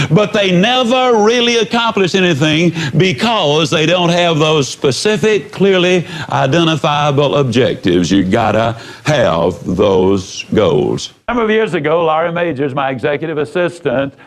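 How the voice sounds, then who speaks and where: A man's voice: on the high side, lively intonation, measured pace, few pauses. Man, motivational speaker, from the United States, folksy storytelling, emphatic. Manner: emphatic and folksy, with repetitions and acted-out dialogue.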